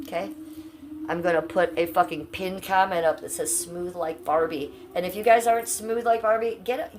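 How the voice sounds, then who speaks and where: Brash lady from ohio streaming from her house, blunt and sweary, kinda low voice, faint hiss behind. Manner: chatty, talks straight to chat. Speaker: livestreamer. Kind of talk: casual livestream chat with viewers. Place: at home.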